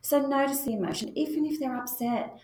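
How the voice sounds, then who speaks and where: A woman's voice: sits high, a little fast, darkish tone, a little hiss or hum. Woman teaching parents in an echoey room. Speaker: parenting educator. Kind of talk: spoken parenting lesson.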